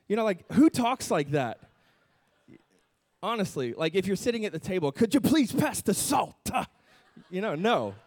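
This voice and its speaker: A man's voice: on the high side, darkish tone. A man preaching a sermon in a casual, conversational way, with joking asides to the congregation.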